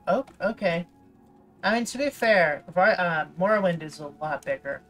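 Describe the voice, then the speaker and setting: A woman's voice: fairly low pitch, expressive, normal speed, fairly bright tone. A woman streamer giving casual, rambling gameplay commentary, playful and often cutting herself off mid-thought. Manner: rambling, playful, self-interrupting. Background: faint game music.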